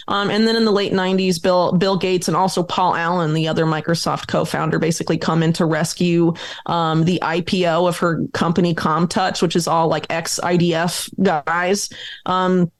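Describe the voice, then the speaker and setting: A woman guest on a podcast, talking quickly and emphatically through a long, detailed explanation full of dates and names. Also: fairly low pitch. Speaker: guest author and journalist.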